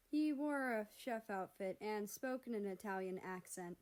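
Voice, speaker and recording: A woman narrating fan fiction aloud in a steady, measured storybook reading. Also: medium pitch.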